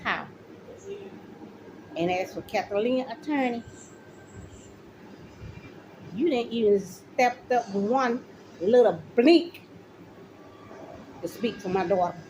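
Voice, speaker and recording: A woman's voice: fairly high pitch, takes it slowly, long pauses, noisy background. A middle-aged woman, a mother, ranting straight to the camera, accusing officials directly and repeating her points. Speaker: mother speaking out. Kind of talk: angry direct-to-camera rant.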